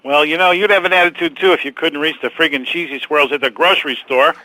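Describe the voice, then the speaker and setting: A man's voice: fairly high pitch, fast talker, pushed and bright, low-quality recording. An actor playing a short, touchy male caller who mocks and scolds the host. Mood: indignant. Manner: sarcastic, mocking, indignant. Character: short bitter man caller, touchy and sarcastic.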